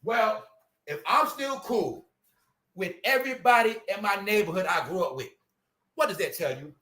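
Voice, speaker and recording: A YouTube commentator from Brooklyn, New York, with a New York accent, rants in a high-pitched, expressive voice at normal speed, his tone bright and forceful. His solo commentary is profane and emphatic, built on repetitive call-and-response where he answers his own points with "that's right."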